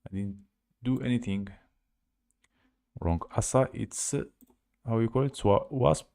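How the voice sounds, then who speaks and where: A man with a Russian accent teaching a live language lesson, halting and searching for words as he spells out letters. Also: mid-range voice, vocal fry, dark tone.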